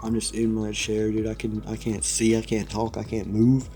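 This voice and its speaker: A man's voice: on the low side, monotone, normal speed, dark tone. A young man telling a rambling story in a casual vlog, laughing often and saying "dude" a lot. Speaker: vlogger.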